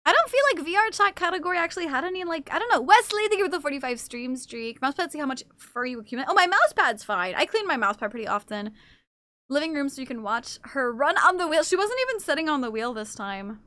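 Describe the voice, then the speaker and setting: A woman streamer with a high, bright voice chats casually with her viewers and slips into cooing baby talk for her cats. The recording is dry and close, with no room sound. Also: sing-song, fast talker, no echo. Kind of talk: casual live-stream chat.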